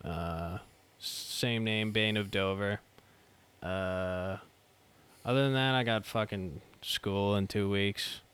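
A young man in casual conversation, relaxed and laid-back, often pausing on fillers as he talks. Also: on the low side, clean tone. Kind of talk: casual chat.

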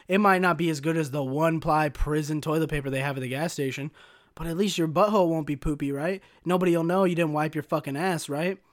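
A young man hosting a solo podcast, telling a story in a profane, animated, slangy rant. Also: a little high. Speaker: podcast host.

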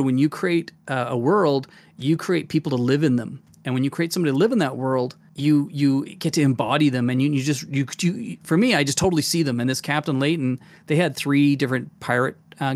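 A man's voice: medium pitch, fast, hardly any pauses, no room sound. A man co-hosting a casual podcast chat about tabletop gaming, talking with enthusiasm and rambling through many restarts. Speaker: podcast co-host.

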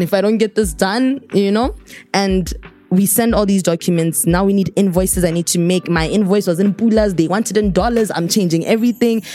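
Young woman, podcast guest storyteller, mid-range voice, faint music under her. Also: mid-range voice. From Botswana. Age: young adult. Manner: lively, acts out voices of people in her story. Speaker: podcast guest, fashion designer.

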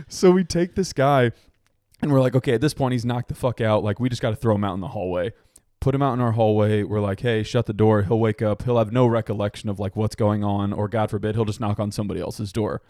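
A man's voice: fairly low pitch, a little fast, mellow, no echo, studio quality. A man, telling a wild story on a casual podcast, swearing and laughing often. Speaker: podcast co-host.

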